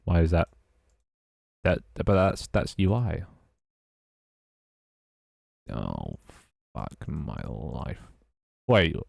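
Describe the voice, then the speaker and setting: A man's voice: extremely low pitch, wildly swooping pitch, slow pace, gravelly, a little mellow, no room sound, clean studio sound. A British man streaming live, muttering and swearing at his code between casual chats with his viewers. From Britain. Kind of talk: casual live-stream chat while coding.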